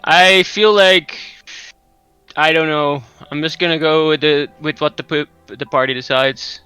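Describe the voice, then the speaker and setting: Unsure guy asking questions at a tabletop game, crisp bright voice. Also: fairly high pitch, steady tone, measured pace, no echo, soft background music. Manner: hesitant, questioning. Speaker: player. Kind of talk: casual tabletop game banter.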